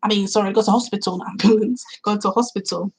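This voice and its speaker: A woman's voice: mid-range voice, fairly even intonation, quick pace, husky, rough recording. A woman reviewing a film in a casual vlog, retelling the plot at length with fillers and quoting her own reactions, recorded outdoors in cool weather.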